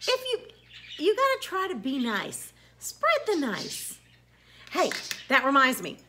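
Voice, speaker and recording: A middle-aged woman, a teacher, chatting casually into the camera and telling stories about her students with animated quoted voices. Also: high voice, takes it slowly, noisy background. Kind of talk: casual vlog monologue.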